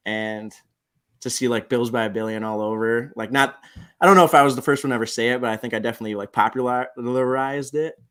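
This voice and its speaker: A man's voice: mid-range voice, steady tone, quick pace, fairly bright tone, clear, resonant tone. A man in his twenties, a podcast guest, chatting casually with lots of "like" fillers. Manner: laid-back, peppered with "like". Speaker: podcast guest, sports superfan. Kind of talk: casual interview chat.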